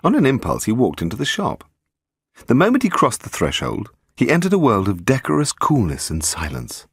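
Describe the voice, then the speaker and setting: A man narrating a detective novel aloud in a measured, expressive manner. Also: medium pitch, husky, no room sound, studio quality. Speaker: audiobook narrator. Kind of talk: scripted narration.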